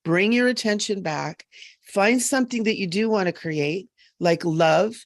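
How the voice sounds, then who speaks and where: Gravelly-voiced woman, earnest and chatty. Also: mid-range voice, no room sound, studio quality. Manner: earnest and emphatic, chatty with quick asides. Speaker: psychic medium. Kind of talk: live-stream chat.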